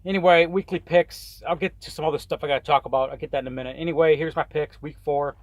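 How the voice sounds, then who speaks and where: Driving along in a truck, a man rants and rambles his way through his weekly football picks, cursing a lot and stumbling over his words. His voice sits on the high side with a steady tone and a quick pace, and the recording is dry.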